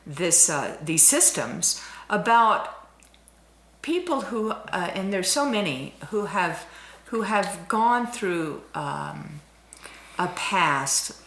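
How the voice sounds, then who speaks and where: A woman's voice: lowish voice, big pitch swings, slow, gravelly, a bit bright, echoey room. A woman hosting a talk show, asking questions and prompting her guest with short affirmations. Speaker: interviewer host.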